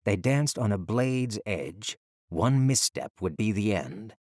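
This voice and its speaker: Low-voiced male fantasy narrator. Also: animated, a little mellow, dry recording, studio quality. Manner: dramatic, measured storytelling. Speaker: audiobook narrator. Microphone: close studio mic.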